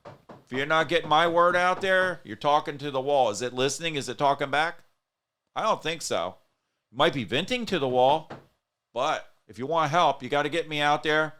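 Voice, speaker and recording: A man hosts a casual talk show, talking earnestly and at length to his viewers. His voice is smooth and clear, at an ordinary middle pitch. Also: sharp tone. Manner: earnest, rambling, speaks straight to viewers. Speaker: show host.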